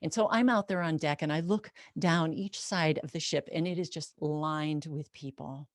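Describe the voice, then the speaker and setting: Woman storyteller, vivid and conversational, slightly low voice, dry close sound. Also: steady tone, moderate pace, no room sound. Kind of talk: personal storytelling.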